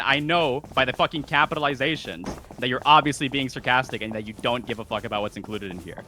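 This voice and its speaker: A man's voice: medium pitch, lively intonation, pushed and bright, a little hiss or hum. A man arguing over a call, insistent and repetitive, swearing as he pushes his point. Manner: fast, insistent, keeps repeating himself, swears a lot. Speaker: debater on a call. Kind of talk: heated argument.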